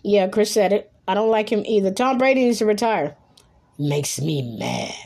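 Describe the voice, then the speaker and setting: A woman's voice: mid-range voice, fairly quick, darkish tone. A young woman hosting her own podcast, ranting casually and emphatically in slangy talk, repeating herself often. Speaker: podcast host. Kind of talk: casual solo podcast rant.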